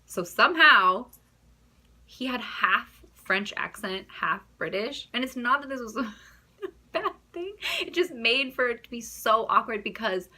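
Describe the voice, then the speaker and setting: A young woman with an American accent chats straight to the camera about her own experiences. Her voice is clear and bright. She laughs easily, breaks off mid-sentence and starts again, in a loose, talkative storytelling manner. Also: fairly high pitch, normal speed. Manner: chatty, giggly, trailing off and restarting. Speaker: vlogger.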